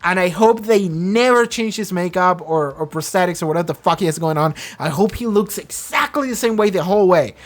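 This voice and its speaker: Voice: mid-range voice, expressive, a little fast, few pauses. A reactor giving rambling, enthusiastic, profanity-laced casual commentary on a show.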